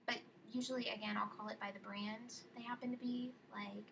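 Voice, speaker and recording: A woman's voice: a little high, fairly even intonation, a little fast. A young woman from California with a Californian accent, chatting casually in a vlog, full of ums and likes. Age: young adult. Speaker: vlogger. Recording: distant mic with clear room noise.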